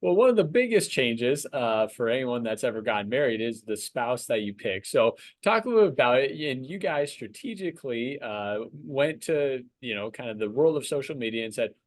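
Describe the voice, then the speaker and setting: A man's voice: medium pitch, lively intonation, moderate pace. A man hosting a podcast interview, reflective and encouraging, with hesitant fillers. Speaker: podcast host. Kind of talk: casual interview chat.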